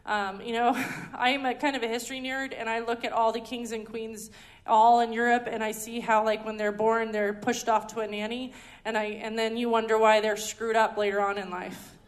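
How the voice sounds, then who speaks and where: A woman's voice: fairly high pitch, flat delivery, normal speed, hardly any pauses. A woman giving a conversational teaching talk at a ministry school, chatty and full of ums and restarts. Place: indoor teaching hall.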